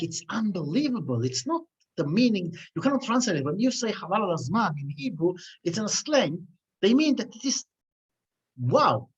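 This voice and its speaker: Husky man telling teaching stories. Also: a little high. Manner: animated storytelling with many restarts and fillers. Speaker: Torah teacher. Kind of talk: weekly Torah class, storytelling. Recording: dull lo-fi recording.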